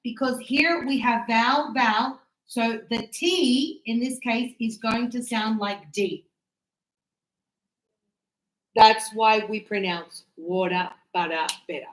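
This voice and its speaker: A woman teaching English grammar to a class, stretching out words slowly and checking in with "yes?" and "right?". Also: a little high, fairly bright tone, roomy sound, poor audio. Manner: encouraging, checks understanding with tag questions; slow, drawn-out words for teaching.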